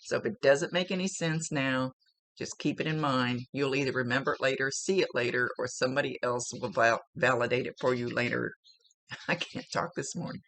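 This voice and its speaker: A woman's voice: rumbling low, steady tone, normal speed, a bit bright, dry recording. A woman working as a psychic medium, talking through a spiritual reading in a rambling, casual way, often searching for words.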